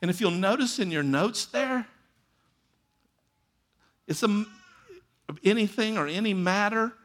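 A man preaching a sermon as pastor, telling stories and repeating phrases for emphasis, swinging between loud emphatic lines and quiet asides. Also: high voice, unhurried.

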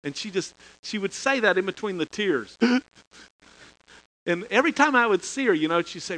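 A man's voice: high voice, expressive, normal speed, pauses often, sharp tone, poor audio. A middle-aged man preaching a storytelling sermon in a folksy way, chuckling and restarting phrases. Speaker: pastor.

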